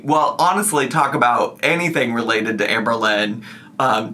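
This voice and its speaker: A man's voice: medium pitch, pushed and bright. A man hosting a reaction channel, talking casually and sarcastically, laughing as he goes. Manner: chatty, sarcastic, laughs through lines. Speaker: commentary channel host. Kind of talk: reaction commentary.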